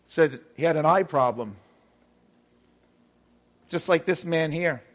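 A man's voice: fairly high pitch, measured pace, long pauses. A man preaching a sermon in an emphatic way, repeating his key phrases.

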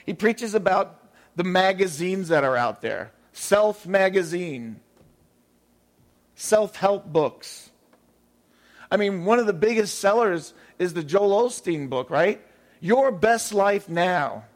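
A man's voice: high-pitched, animated, slow. A man preaching a sermon in an emphatic way, repeating his key phrases.

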